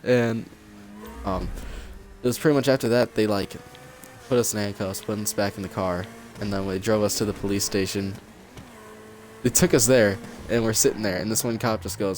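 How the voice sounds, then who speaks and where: Young male vlogger, low voice, chatty and rambling, acts out the quotes in a faintly noisy room. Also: brisk. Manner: rambling, lots of "like" and acted quotes. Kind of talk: casual storytelling while gaming.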